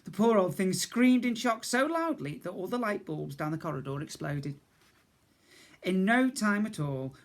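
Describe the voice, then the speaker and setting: Teacher reading a story to children. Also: male voice, fairly high pitch. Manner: stops to ask the children questions and explain words.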